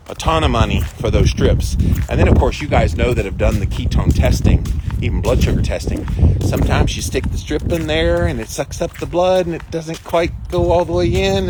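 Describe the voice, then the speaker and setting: A man's voice: on the high side, very noisy. A man hosting a livestream, casually and animatedly retelling an anecdote to his viewers. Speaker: host.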